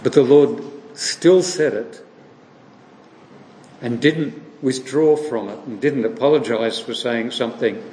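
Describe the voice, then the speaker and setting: Male preacher, mid-pitched, slow deliberate sermon delivery, recorded in a reverberant hall. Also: darkish tone. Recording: echoey hall with long reverb, faint noise.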